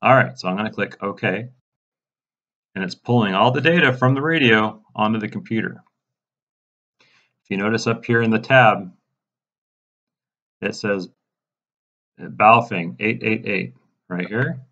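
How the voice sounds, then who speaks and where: Low-voiced man walking through software setup. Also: measured pace, long pauses, lo-fi sound. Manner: casual, step-by-step, mildly exasperated. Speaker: radio programming instructor. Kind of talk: screen-recorded software tutorial.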